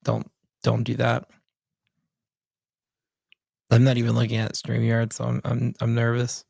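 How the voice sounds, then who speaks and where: A man co-hosting a podcast in relaxed, self-deprecating chat. His voice is very gravelly and a bit husky, in a middle pitch. The sound is dry and close, with no room echo. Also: unhurried. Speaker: podcast co-host. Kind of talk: casual chat.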